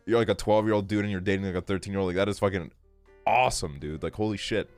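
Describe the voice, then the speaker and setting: A man's voice: sits low, fast talker, dry recording, faint music behind. A young man streaming a game, telling a casual story in a rambling way, full of fillers and swearing. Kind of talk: casual storytelling while gaming.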